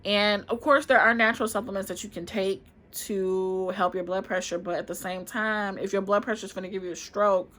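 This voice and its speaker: A woman's voice: medium pitch, brisk, hardly any pauses. Chatty woman in her twenties vlogging. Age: 20s. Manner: chatty, expressive, addresses viewers as y'all. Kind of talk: casual storytelling to camera.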